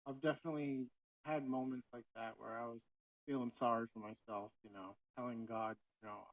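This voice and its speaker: A man's voice: mid-range voice, fairly even intonation, fairly quick, dry recording, distant mic, dull audio. A man co-hosting a casual faith podcast, talking in an earnest, reflective way with many fillers. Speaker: podcast co-host.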